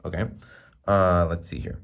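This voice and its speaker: A young adult music student presents on a song for class, hesitating, saying "um" a lot, and restarting sentences. His voice is low with vocal fry at a normal speed, and the phone recording is very noisy.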